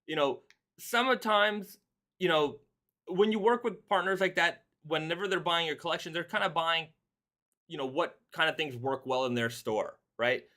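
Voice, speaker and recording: A man's voice: fairly high pitch, moderate pace, sharp tone. A man hosting a casual live stream, rambling loosely and reading viewer comments aloud. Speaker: host.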